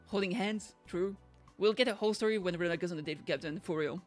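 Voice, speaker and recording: A young woman streaming a game, chatting excitably, giggling and swearing freely. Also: fairly low pitch, fast, faint music behind. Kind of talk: casual gameplay commentary.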